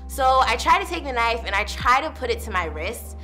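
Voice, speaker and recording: A woman's voice: on the high side, big pitch swings, a little fast, sharp tone, soft background music. A young woman, a university student, telling her personal testimony in a candid, casual way, full of "like" and "literally". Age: young adult.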